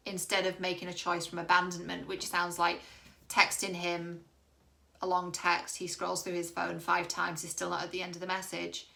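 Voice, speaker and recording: A woman's voice: lowish voice, monotone, moderate pace, gravelly, sharp tone. A woman dating coach giving direct-to-camera relationship advice, candid and reassuring, with the odd casual swear.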